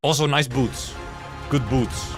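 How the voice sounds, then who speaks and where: A man streaming casually, his mid-pitched voice rambling through thoughts with frequent laughs and restarts. He swears freely and talks off the cuff. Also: steady tone, slow pace, over music. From Finland. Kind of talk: casual livestream commentary.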